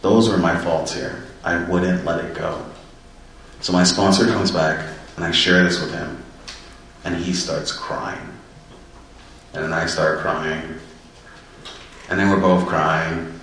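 Low-voiced man, earnest personal storyteller, very echoey room, mic set back. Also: steady tone, measured pace, pauses often, a bit bright, distant mic, a little hiss or hum. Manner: earnest and reflective. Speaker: person in recovery sharing his story.

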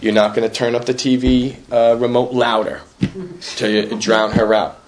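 At a recovery meeting, a man with a mid-range voice talks about his sobriety at a normal speed and in a steady tone. Earnest and self-mocking, he circles back over the same points and keeps checking in with "right?"

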